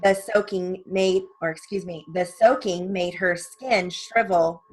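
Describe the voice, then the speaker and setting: A woman reading word lists and sentences as dictation practice, evenly and deliberately, with short spoken asides. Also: fairly low pitch, fairly even intonation, faint music behind, poor audio. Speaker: dictation reader for steno practice.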